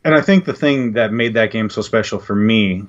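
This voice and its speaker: Male guest, low voice, earnest and reflective, dull lo-fi sound. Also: moderate pace. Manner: earnest, reflective, hesitant restarts. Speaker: podcast guest. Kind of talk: casual chat. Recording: dull lo-fi audio.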